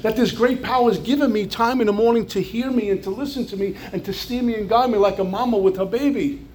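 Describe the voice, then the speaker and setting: A man's voice: high-pitched, fast, a little mellow, faint music behind. A man from New York with a New York accent, giving an earnest personal recovery testimony with flashes of wry humor. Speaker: recovery speaker.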